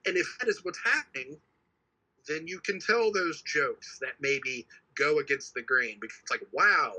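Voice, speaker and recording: A man with a very bright, edgy voice and a husky grain, talking fast and heatedly as a podcast co-host. He swears freely and circles back over his points, his pitch sitting a little high. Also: low-quality recording. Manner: heated, swears often, repeats himself. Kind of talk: casual chat.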